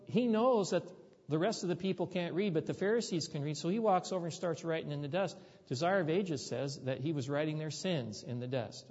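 A man's voice: fairly high pitch, darkish tone, dull audio. Man preaching in a reverberant hall. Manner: storytelling, conversational, rising to emphatic peaks. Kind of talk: sermon.

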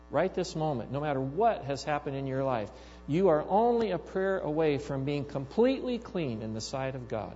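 A man's voice: a little high, lo-fi sound. Man preaching in an echoing hall. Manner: animated storytelling, acting out quoted voices. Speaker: pastor. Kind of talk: sermon.

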